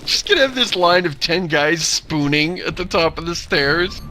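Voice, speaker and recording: A man's voice: a little high, animated, moderate pace, bright, forceful tone. A man co-hosting a casual video game commentary, recapping the story in a wry, sardonic way. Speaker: co-host of a game commentary show. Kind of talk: casual gaming commentary chat.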